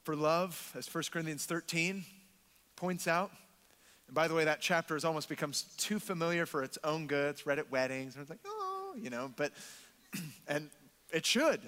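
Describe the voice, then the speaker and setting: High-voiced emphatic preacher man. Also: steady tone, normal speed, sharp tone, in a large hall. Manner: emphatic, repeats words, acts out quotes. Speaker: pastor. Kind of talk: sermon. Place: church.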